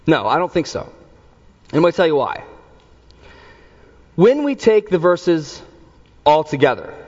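A man preaches a sermon in a fairly high voice, pressing his point with rhetorical questions and repeated phrases. His words ring out with a long reverb through a large hall. The recording sounds muffled and dull. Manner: earnest preaching, rhetorical questions, emphatic repetition. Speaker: pastor.

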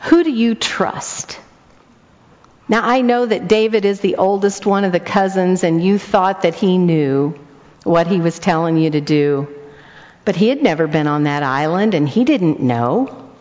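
A woman's voice: lowish voice, moderate pace. An older woman, a grandmother, preaching a storytelling sermon and acting out each voice in it. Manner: animated, acts out the dialogue. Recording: long hall echo, dull lo-fi sound.

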